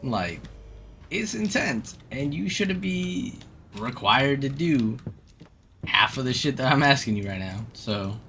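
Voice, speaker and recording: Bright-voiced casual man, animated and profane. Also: medium pitch, takes it slowly, gravelly, slight background noise. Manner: animated, profane, acts out people mid-story. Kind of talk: casual chat.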